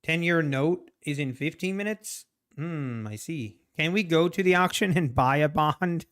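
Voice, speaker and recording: A man's voice: fairly high pitch, unhurried, a bit bright, smooth. A man hosting a live trading stream, chatting casually and rambling as he reacts to viewers' messages. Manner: rambling, chatty, reads chat aloud.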